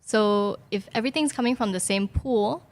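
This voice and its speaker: A woman, a guest in a casual chat, explaining things in a measured way. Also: medium pitch.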